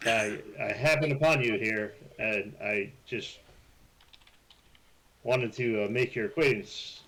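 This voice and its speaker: A man voicing an earnest male minotaur-like construct adventurer, speaking hesitantly with many pauses. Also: fairly low pitch, fairly bright tone, poor audio. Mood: polite. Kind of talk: live-streamed tabletop role-play.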